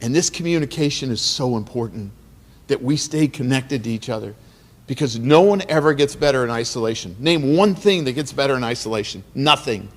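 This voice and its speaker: Male guest speaker, mid pitch, heartfelt preacher-like cadence, hall echo. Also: animated, a little fast. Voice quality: earnest, preacher-like cadence with repetitions. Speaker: guest speaker at awards dinner. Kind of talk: emotional motivational speech. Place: banquet hall. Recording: long hall reverb.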